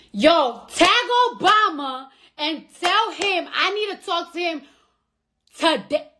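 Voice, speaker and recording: A woman's voice: high voice, bright, forceful tone. A woman chatting casually on a livestream from home, complaining animatedly and swearing a lot. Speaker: livestream host.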